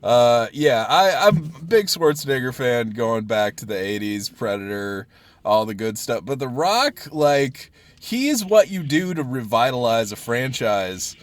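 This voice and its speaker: A man hosting a casual podcast chat, excitable, laughing often and breaking off mid-sentence to start over. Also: medium pitch, measured pace, no echo. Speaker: podcast host.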